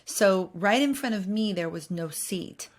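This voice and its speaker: A woman, a guest on a podcast, telling funny stories in an animated way and often breaking into laughter. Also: medium pitch, a little slow, a crowd in the background. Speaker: podcast guest, church musician. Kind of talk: casual chat, storytelling.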